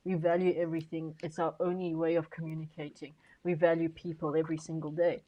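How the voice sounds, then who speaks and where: A woman's voice: low-pitched, little pitch movement, fairly quick, highs cut off. A woman speaking on a conference panel, making her case emphatically and persuasively, stressing key words and often restarting her sentences. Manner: frequent fillers and restarts.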